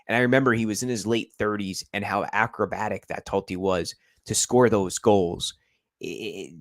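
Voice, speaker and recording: On a dry recording, a football channel host from the United States talks in a voice on the low side. The young man keeps his live-stream chat casual and rambling, full of fillers.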